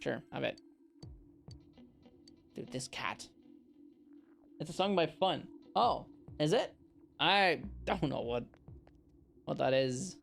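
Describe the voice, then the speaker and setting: Streamer, casual gameplay banter, gravelly texture, lively up-and-down pitch. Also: takes it slowly, long pauses. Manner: joking, reads game dialogue aloud in voices. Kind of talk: casual live gameplay chat. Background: faint game music.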